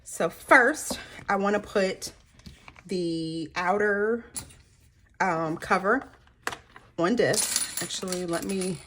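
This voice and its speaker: A woman, chatting casually to viewers as a planner vlogger, animated and slightly hoarse. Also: medium pitch, slow pace, pauses often, a little hiss or hum. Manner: chatty, animated storytelling with frequent laughs.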